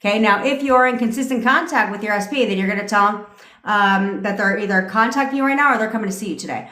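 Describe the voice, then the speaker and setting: A woman's voice: medium pitch, fast, sharp tone. Woman coach hosting a phone livestream, brash, profane and commanding, echo from the room. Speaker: manifestation coach. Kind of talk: livestream pep talk. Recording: echoey room.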